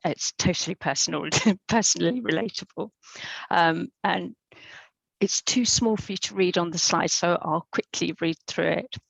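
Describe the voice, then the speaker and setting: A woman's voice: fairly low pitch, moderate pace, gravelly, slightly rough, dry recording, rough recording. A woman giving an informal, chatty presentation in an online webinar over a video call microphone. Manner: informal, chatty, with fillers and restarts.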